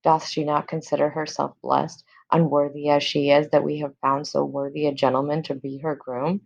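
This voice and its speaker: A woman's voice: low voice, flat delivery, moderate pace, gravelly, highs cut off. A woman reading aloud the lines of an angry, domineering noble father in a plain voice.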